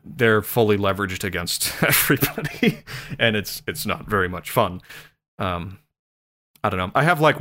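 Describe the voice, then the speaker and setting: A man's voice: lowish voice, fairly bright tone. Rambling, joking male podcast host. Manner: rambling, joking, laughs often. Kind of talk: casual podcast monologue.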